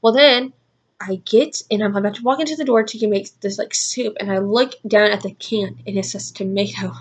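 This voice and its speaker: Here a young vlogger in her twenties meanders through a casual story, filling every gap with "like." Her voice is mid-range and her pace moderate.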